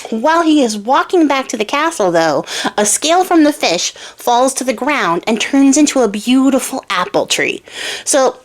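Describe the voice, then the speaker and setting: A young woman casually retelling a fairy tale, irreverent and swearing, slipping into quick character voices. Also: sits high, lively intonation. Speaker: storyteller and crafter.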